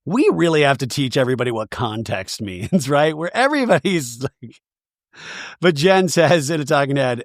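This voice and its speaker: A man's voice: mid-range voice, expressive, moderate pace, no echo, clean studio sound. A man hosting a comedic reality TV recap podcast, full of sarcastic, gossipy asides. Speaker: podcast host.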